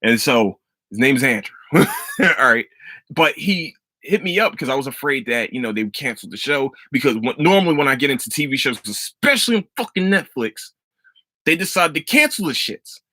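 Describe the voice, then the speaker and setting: A man hosting a casual solo podcast, talking loosely and excitedly with plenty of swearing. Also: mid-range voice, moderate pace, no room sound. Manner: loose, profane, excitable storytelling. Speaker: podcast host.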